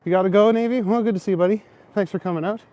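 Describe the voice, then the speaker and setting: A man's voice: high-pitched, racing, mellow, highs cut off. Chatty man streaming a night walk. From Canada. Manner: chatty, reads out and answers viewer comments. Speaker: livestream host. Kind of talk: casual live-stream chat while walking. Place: outdoors on snowy city streets at night. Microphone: phone camera, held while walking.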